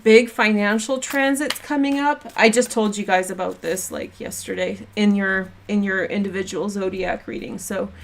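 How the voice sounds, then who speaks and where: A woman's voice: mid-range voice, fairly even intonation, moderate pace, gravelly, few pauses. A young woman giving a casual weekly tarot and astrology reading to camera. She is chatty and bubbly, laughs often and fills her talk with "like" and "um".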